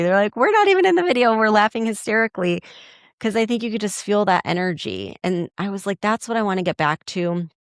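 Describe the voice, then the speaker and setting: A middle-aged woman hosting a podcast, telling a story casually and acting out quotes in a raised, animated voice. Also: deep voice, no echo, clean studio sound. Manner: animated, acts out quotes in a raised voice, many likes. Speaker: podcast host.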